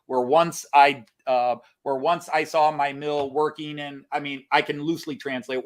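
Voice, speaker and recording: A man's voice: a little high, level tone, normal speed, hardly any pauses. Rambling man chatting on a stream. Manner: explains at length, thinks aloud with many fillers. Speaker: co-host of a model railroad live stream. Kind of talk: casual live-stream chat.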